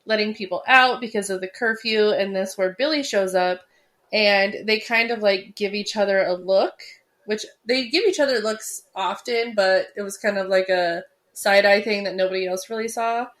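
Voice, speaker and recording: A woman's voice: medium pitch, moderate pace, fairly bright tone. A woman co-hosting a podcast, casually recapping a horror film in a chatty way with many fillers. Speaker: podcast co-host.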